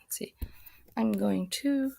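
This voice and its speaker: A woman's voice: on the high side, slow, vocal fry, warm tone. A woman hosting a livestream, chatting loosely and reading viewer comments as she rambles. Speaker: livestream host. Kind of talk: casual live commentary reading chat.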